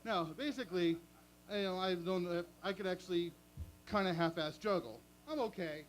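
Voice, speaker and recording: A man's voice: high voice, normal speed, a little hiss or hum. Self-mocking man doing open mic stand-up. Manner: chatty, self-mocking, chuckles at own jokes. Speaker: stand-up comedian. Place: small open mic venue.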